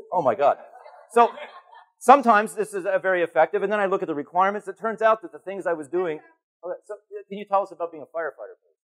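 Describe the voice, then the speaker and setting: A man giving a conference keynote on stage, animated and playful as he calls volunteers up from the audience. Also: on the high side. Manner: animated, calling to the crowd, playful. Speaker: keynote speaker.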